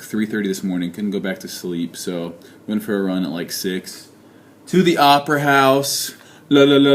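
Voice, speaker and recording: A man's voice: fairly low pitch, slight background noise. Joking young man rambling on camera. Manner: joking, rambling, self-mocking. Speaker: fitness vlogger. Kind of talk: casual video diary. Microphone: handheld camera.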